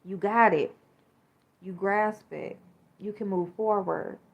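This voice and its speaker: A woman's voice: mid-range voice, fairly even intonation, slow pace. A woman, hosting a podcast and talking candidly and emotionally, with plenty of swearing and fillers. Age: 40s. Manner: frank, profane, emotional, many fillers. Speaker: podcast host. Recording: slightly dull lo-fi sound.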